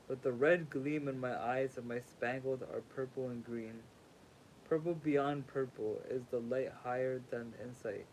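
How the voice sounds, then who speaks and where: Sleepy man reading aloud haltingly. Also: mid-range voice, fairly even intonation, darkish tone, a little hiss or hum, poor audio. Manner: stumbles and rereads words while reading. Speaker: livestream host reading a sacred text aloud.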